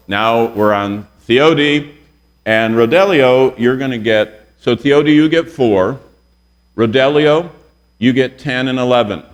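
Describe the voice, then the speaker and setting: A man in his sixties, a pastor teaching a Bible lesson to a room of college students, telling stories and asking the class questions. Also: mid-range voice. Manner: storytelling, quizzes the audience with questions.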